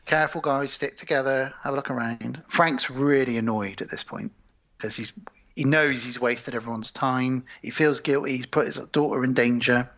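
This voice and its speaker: A man's voice: medium pitch, fairly even intonation, moderate pace, a bit bright, dull audio. A man co-hosting a podcast, recapping film scenes in casual chat and acting out the characters' lines. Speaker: podcast co-host.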